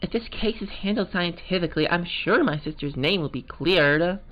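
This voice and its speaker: A man speaks high-pitched at a moderate pace, above his own register yet close to an everyday voice, as an eager sixteen-year-old girl scientist in a Valley Girl voice. She's an aspiring scientific investigator. Muffled recording, game music behind.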